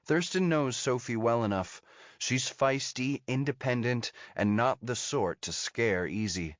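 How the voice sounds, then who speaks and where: A man narrating an audiobook thriller in a steady, measured storytelling manner. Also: medium pitch, no echo. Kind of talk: scripted narration. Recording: dull lo-fi dry audio.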